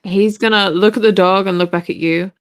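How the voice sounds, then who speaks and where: A woman playing a tabletop game, talking relaxed and matter-of-fact. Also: medium pitch, fairly quick, clean tone, dry recording, clean studio sound. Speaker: player. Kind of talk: casual tabletop game chat.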